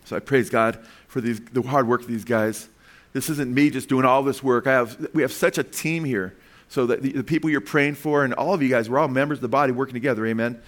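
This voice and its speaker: A man preaching a sermon to his congregation, pausing to ask questions and walk them through slides word by word, with frequent "okay" and "right". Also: mid-range voice, fairly even intonation. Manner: emphatic, asks the congregation questions. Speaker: pastor.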